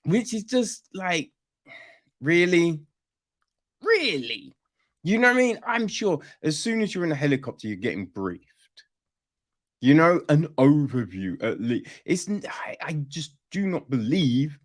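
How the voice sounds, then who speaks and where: A man's voice: on the high side, animated, normal speed. A man reviewing a film on a podcast in casual chat, rambling and swearing freely as he picks it apart.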